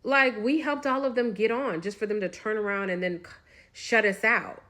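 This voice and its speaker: A woman's voice: a little high, fairly even intonation, normal speed, pushed and bright. Opinionated woman ranting casually. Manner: opinionated, rambling with fillers. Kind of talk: casual commentary.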